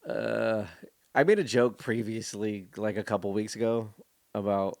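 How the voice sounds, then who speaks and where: Gravelly low-voiced comedian. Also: male voice, measured pace, a little mellow, dry recording, studio quality. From Stockton, California, USA. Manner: profane, joking, laughs often. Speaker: comedian, podcast guest. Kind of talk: casual podcast chat.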